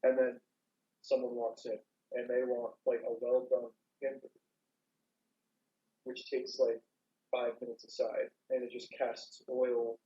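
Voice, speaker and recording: A young man, co-host of a casual podcast, rambling through lively work anecdotes. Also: mid-range voice, unhurried, pauses often. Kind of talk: casual chat. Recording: dull lo-fi mic.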